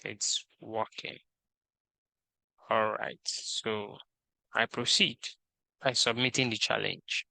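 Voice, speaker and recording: A man's voice: on the low side, fairly even intonation, gravelly, sharp tone, dry recording. A man leading a screen-recorded coding tutorial, methodically reading out each task and talking through his steps. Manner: slow, methodical, reads task instructions aloud.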